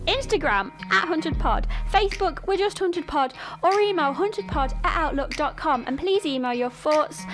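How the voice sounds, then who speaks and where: A woman's voice: high-pitched, lively intonation, normal speed, few pauses, a bit bright, soft background music. A woman co-hosting a casual podcast, friendly as she reads out contact details. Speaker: podcast co-host.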